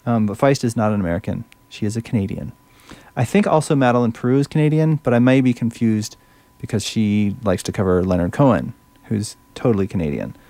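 A man's voice: fairly low pitch, animated, brisk, warm tone, dry recording. A male radio host chatting casually between songs, enthusiastic and fumbling a little over French words.

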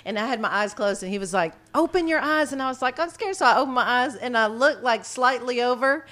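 A woman's voice: on the high side, fast talker. A woman telling a story in casual chat, acting out what people said and swearing freely. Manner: animated storyteller, swears freely, acts out quotes.

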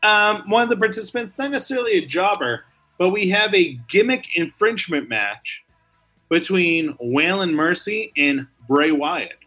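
A man co-hosting a casual podcast, excitable, laughing often and tossing in quick asides. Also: high-pitched, soft background music. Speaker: podcast co-host. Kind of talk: casual podcast chat about wrestling.

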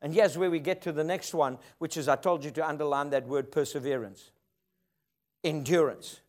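A man's voice: fairly high pitch, moderate pace, a little mellow. A man preaching a sermon, emphatic and rhythmic, often asking the congregation for an amen. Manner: emphatic, call-and-response preaching.

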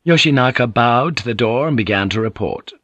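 A man narrating an audiobook in a measured, even storytelling manner. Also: mid-range voice, dry recording, muffled recording. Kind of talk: scripted narration.

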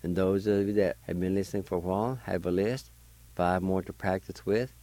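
Older male radio host, very low mellow voice, slow careful pace, spells and repeats words for learners. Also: fairly even intonation, dry recording, rough recording. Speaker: radio host teaching language. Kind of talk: slow, deliberate language lesson.

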